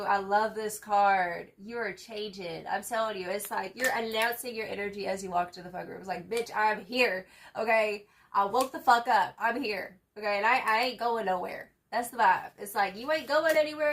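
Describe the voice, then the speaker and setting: A woman's voice: fairly high pitch, a bit bright, a little hiss or hum. A young woman giving a casual tarot reading, slangy and profane, hyping the viewer up with repeated catchphrases. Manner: slangy, profane and emphatic, full of fillers. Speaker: tarot reader.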